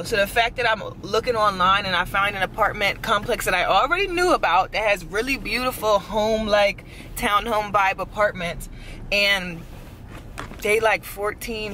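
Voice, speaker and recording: A tired woman talks to her camera in a chatty, emphatic vlog. Her voice sits in a middle pitch, and she keeps speaking straight to her viewers. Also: sharp tone, a little hiss or hum. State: worn out. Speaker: vlogger. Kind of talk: casual talk to camera.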